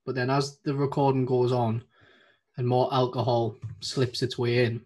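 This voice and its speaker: A man's voice: mid-range voice, level tone, normal speed, a little mellow. A man with a regional British accent, co-hosting a podcast in casual, self-deprecating chat. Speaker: podcast co-host.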